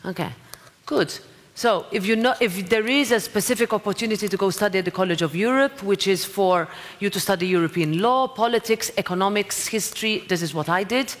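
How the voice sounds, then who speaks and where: Woman, direct, encouraging, mid pitch, long hall echo. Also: a little fast, hardly any pauses. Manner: encouraging, direct, with asides to the audience. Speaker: president of a parliament, guest speaker. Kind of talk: speech and audience Q&A. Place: lecture hall.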